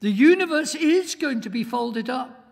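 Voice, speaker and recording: A man preaching a sermon as a guest speaker in a church. He is emphatic, swells to near-shouts and asks the congregation questions. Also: very high-pitched, animated, a little slow, vocal fry. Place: church hall. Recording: long hall reverb.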